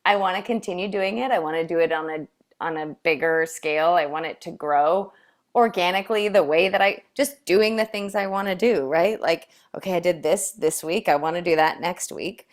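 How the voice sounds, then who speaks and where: Woman co-host, lower voice, loose rambling chat style with laughter. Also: normal speed. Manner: rambling, laughing, lots of fillers. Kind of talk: casual chat.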